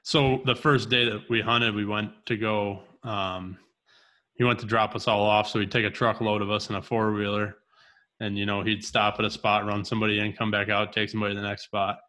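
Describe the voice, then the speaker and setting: Bright-voiced man telling a hunting story. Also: fairly low pitch, brisk. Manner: animated storyteller, acts out quoted dialogue. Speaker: podcast co-host. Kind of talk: casual storytelling chat.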